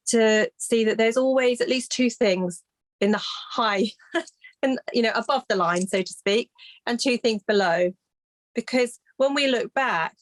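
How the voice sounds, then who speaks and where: A woman of medium pitch talks softly and thoughtfully as a grief recovery specialist being interviewed. Pauses, restarts and word-searching are common, though her pace stays gentle and steady.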